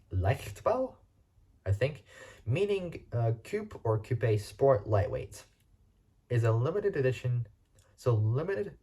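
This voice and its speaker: A man's voice: fairly low pitch, mellow, breathy edge. A man reading car facts aloud for a casual video, stumbling and restarting often and spelling out words he can't pronounce.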